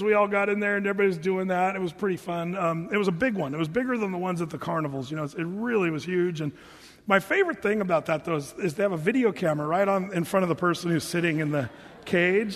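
A male pastor delivers a sermon in a relaxed, storytelling way. His voice sits high for a man and is full of animation. The sound carries the long reverb of a big church hall. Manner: animated, chatty, laughing at his own stories.

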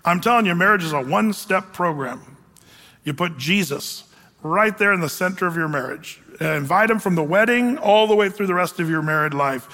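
High-voiced preacher in a reverberant hall. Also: male voice, fairly quick. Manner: conversational, animated preaching with humor. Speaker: pastor. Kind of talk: sermon.

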